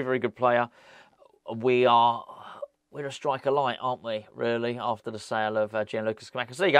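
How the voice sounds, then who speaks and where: A man's voice: mid-range voice, fairly bright tone, no room sound, clean studio sound. A man chatting casually to camera as a football fan vlogger, rambling and joking as he goes, from a room at home.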